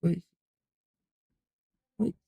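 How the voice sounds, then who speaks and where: A woman talking baby talk to her pets, with high, loud cooing that often turns away from the mic. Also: drawn-out words, dry recording.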